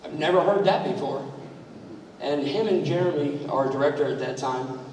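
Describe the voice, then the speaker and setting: At a club training event, a man speaks to a crowd in a large room, keeping it conversational as he tells stories and quizzes his listeners. His voice sits on the high side with a darkish tone and a moderate pace. The hall is echoey, the mic is far away, and there's faint background noise.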